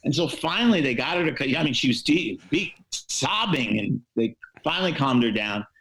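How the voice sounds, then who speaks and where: A man's voice: medium pitch, expressive, normal speed, a bit bright, low-quality recording. Wry older man telling a story. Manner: wry, self-deprecating anecdotes with many fillers. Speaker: sportswriter guest. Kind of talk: storytelling in a podcast interview.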